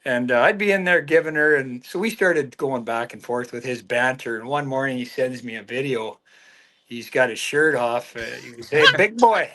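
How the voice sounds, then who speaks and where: A man talking on a podcast, easygoing and relaxed, telling stories from his playing days. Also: mid-range voice, normal speed. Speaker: podcast guest, hockey scout. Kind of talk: casual storytelling chat.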